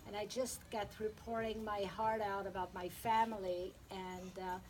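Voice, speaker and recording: A woman's voice: medium pitch, little pitch movement, moderate pace, a little mellow, slight background noise, low-quality recording. A woman giving a heartfelt eulogy at a memorial, telling personal stories and laughing through the funny parts. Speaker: eulogy speaker.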